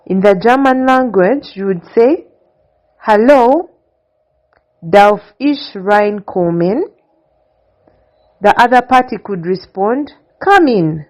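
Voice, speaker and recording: A woman giving a slow, deliberate language lesson, stating each phrase and then its translation in a steady, patterned way. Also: medium pitch. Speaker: language teacher. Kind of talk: slow instructional narration. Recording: dull lo-fi recording.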